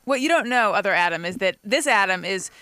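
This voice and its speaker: Male co-host, curious questioning delivery, lively pitch, dry studio sound. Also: fairly quick, clean tone, no echo. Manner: chatty, asks curious questions. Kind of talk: casual comedy podcast chat.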